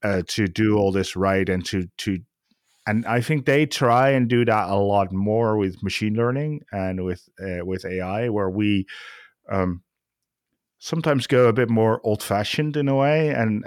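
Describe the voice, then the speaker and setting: A man's voice: on the low side, a little slow, no room sound, studio quality. A man hosting a podcast, talking casually and thinking aloud, often restarting his sentences. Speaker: podcast host. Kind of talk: casual conversation.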